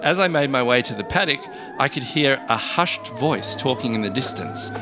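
A man reads a comic first-person story in a dry, deadpan way. His pitch swings lively up and down. Music plays steadily behind him. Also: normal speed. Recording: background music.

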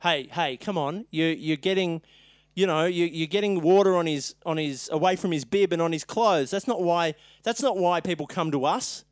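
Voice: mid-range voice, normal speed, no room sound, studio quality, lightly acted. A podcaster voicing a cranky older male dentist who scolds his young assistant impatiently. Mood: scolding.

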